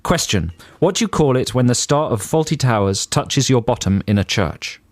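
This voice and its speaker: A man's voice: medium pitch, lively intonation, moderate pace, no echo. A man co-hosting a radio show, bantering playfully and reading out listener jokes in a jokey, self-mocking way. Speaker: radio co-host. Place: radio studio.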